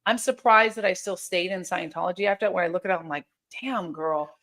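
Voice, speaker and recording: A woman's voice: lowish voice, fast, a bit bright. A woman guest in an interview, telling a personal story in a candid, emphatic way with many restarts and quoted dialogue.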